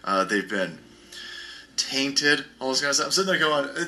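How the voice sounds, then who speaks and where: A man's voice: medium pitch, animated, normal speed, bright, forceful tone. A man hosting a podcast, delivering a heated, sarcastic and profane rant. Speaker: podcast host. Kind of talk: ranting podcast commentary.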